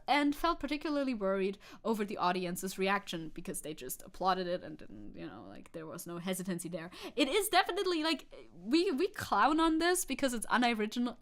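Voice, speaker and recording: A VTuber streamer with a slightly high, somewhat bright voice chats casually on a live stream, reading news and chat messages aloud. She's opinionated, swears casually and laughs often.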